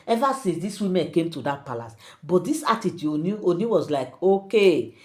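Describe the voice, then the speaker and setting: Animated Nigerian woman telling gossip. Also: lowish voice, a little fast. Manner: animated, addresses viewers directly. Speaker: channel host. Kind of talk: gossip storytelling.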